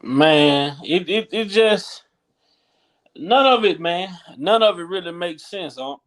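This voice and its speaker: A man's voice: sits high, animated, slow pace, a bit bright. A man hosting a casual commentary talk show, agreeable and laid-back, with loose slang. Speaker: host of a commentary channel.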